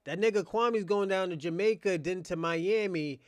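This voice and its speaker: A man, hosting his own channel in a casual unscripted monologue, mocking and laughing, swinging between quiet mutters and loud outbursts. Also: high voice, steady tone, moderate pace, few pauses, smooth, no room sound, studio quality.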